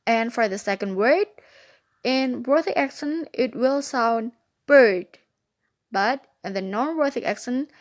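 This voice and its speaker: Woman, slightly high voice, slow deliberate read-through of a phonetics lesson. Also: animated. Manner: slow, careful, deliberate reading. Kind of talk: reading a phonetics lesson aloud.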